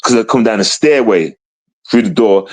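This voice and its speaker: A man's voice: lowish voice, moderate pace. A man telling a personal story in casual street slang, emphatic and repetitive, often checking that the listener understands. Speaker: guest telling his story.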